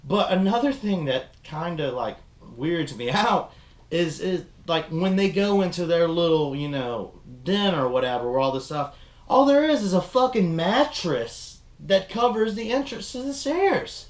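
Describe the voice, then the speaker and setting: A man's voice: high-pitched, a little slow. Casting: young male host, loose profane rambling chat, roomy echo. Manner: rambling, profane, animated retelling. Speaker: podcast host reviewing a film. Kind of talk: casual chat.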